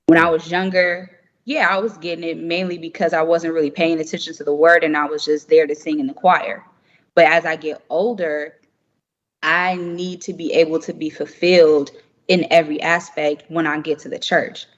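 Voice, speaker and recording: A woman's voice: deep voice, level tone, moderate pace. A young woman talking candidly and emphatically in a casual chat, often laughing. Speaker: podcast guest. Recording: muffled remote audio with long reverb.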